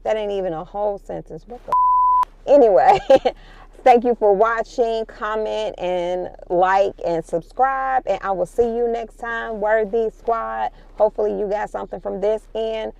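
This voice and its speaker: Gravelly Chicago woman talking in her car. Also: mid-range voice, fairly even intonation, moderate pace, few pauses, a little mellow, no echo, dull audio. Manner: earnest, repeats phrases for emphasis. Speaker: vlogger, mother of adult children. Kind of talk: reflective talk to camera. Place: parked car.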